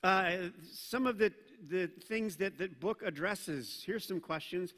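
A male pastor preaching a sermon in a conversational, animated way, with casual asides to the congregation. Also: high voice, takes it slowly, hardly any pauses. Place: church sanctuary. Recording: reverberant church hall.

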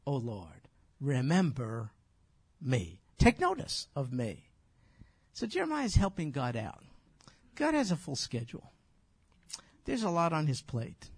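A man's voice: on the high side, a little mellow, husky, no echo. A man preaching a conversational sermon, asking his listeners rhetorical questions and explaining a scripture passage.

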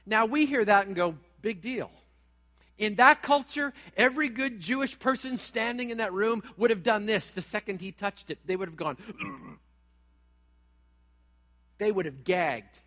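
A pastor preaching a sermon in a church, talking straight at the congregation in a dramatic way. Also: male voice, sits high, normal speed, hardly any pauses, bright, forceful tone, in a large hall. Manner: dramatic, direct, acts out quoted voices.

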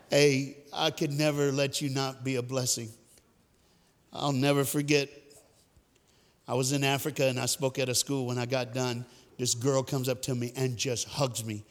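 A man's voice: mid-range voice, normal speed. A man giving a storytelling sermon as a guest speaker, joking and talking straight to the crowd. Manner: lively, joking, direct addresses to the crowd. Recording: echoey hall.

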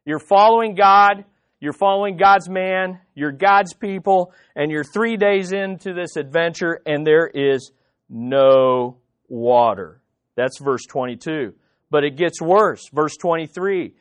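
An American man preaching a sermon, reading scripture slowly and deliberately, then swinging between loud emphasis and hushed asides. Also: sits high, no echo. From United States. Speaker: pastor.

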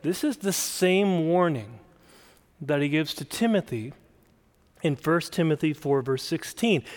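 A man's voice: on the high side, lively intonation, measured pace, in a large hall. A man preaching a sermon as pastor, explaining a text and stressing single words with emphasis.

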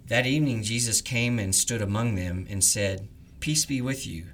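A man leading morning prayers, reading the liturgy in a measured, reverent way. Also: on the low side, a bit bright, slight background noise. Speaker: prayer leader.

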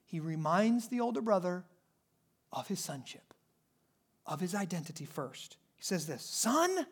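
A preacher giving a sermon in church, animated and emphatic, rising and dropping in pitch and loudness to stress points. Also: moderate pace.

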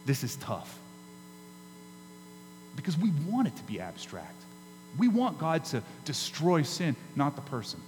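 A man preaching a sermon as pastor, emphatic, with dramatic pauses and rises in his delivery. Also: on the high side, huge pitch swings. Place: church sanctuary. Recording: hall reverb with faint mains hum.

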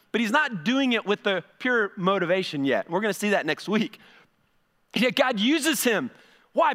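High-voiced pastor preaching in a reverberant hall. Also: male voice, bright, forceful tone. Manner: conversational preaching, repeats words when building a point. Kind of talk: sermon. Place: church sanctuary. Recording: long reverb of a church hall.

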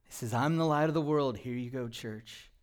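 A male pastor preaching a sermon in a church, moving from quiet, low passages to loud, emphatic ones. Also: moderate pace. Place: church sanctuary.

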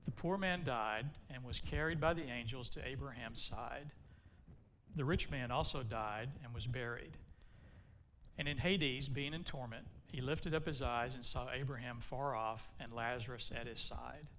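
A man's voice: mid-range voice, normal speed, fairly bright tone, a little hiss or hum. A man preaching a sermon, telling a long joke in a folksy way and then reading scripture aloud. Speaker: pastor.

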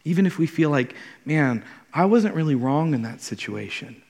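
A pastor in his thirties preaches an earnest, conversational sermon in a church sanctuary, his fairly high, darkish voice very animated at a moderate pace. He often repeats words as he starts a thought, and the recording has a long hall reverb.

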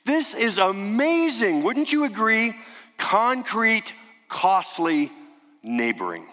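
Pastor, male, lively and forceful sermon delivery, dramatic hushed drops, long hall reverb. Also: high voice, slow pace. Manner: dramatic, emphatic storytelling with sudden hushed drops.

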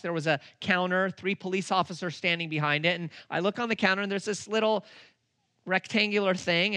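Forceful, bright-voiced man preaching. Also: sits high, dry recording. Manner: animated, acts out dialogue in his stories; slows down and leans on words for emphasis. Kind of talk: storytelling sermon.

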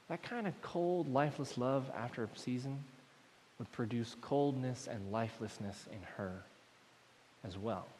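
Man preaching in a big echoing hall, average pitch, animated, drops to quiet asides. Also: measured pace, pauses often. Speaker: pastor. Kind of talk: sermon. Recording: long hall reverb.

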